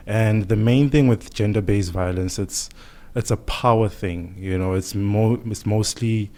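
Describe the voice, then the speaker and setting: On the low side in pitch, this man is a doctor being interviewed as a guest on a radio podcast. He explains things calmly and measuredly, peppering his speech with "you know."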